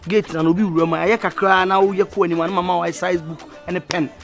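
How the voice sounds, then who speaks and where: A man playing a shouting Ghanaian boss. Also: high-pitched, fairly even intonation, fast, faint music behind. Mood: stern. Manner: shouting commands. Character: bossy loud man ordering his gatekeeper. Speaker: boss giving orders to staff.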